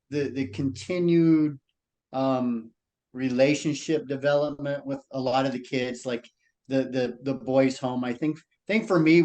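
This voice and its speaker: A man reflecting on a mission trip in a casual interview, halting and full of fillers. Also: mid-range voice, a little mellow. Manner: halting, many fillers and restarts.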